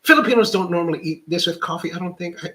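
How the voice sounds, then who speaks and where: American guy rambling to camera, kinda high bright voice, says like a lot, pokes fun at himself. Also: rapid-fire, rough recording. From United States. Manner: rambling, lots of "like" and restarts; candid and self-deprecating. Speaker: coffee professional and channel host. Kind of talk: casual chat to camera.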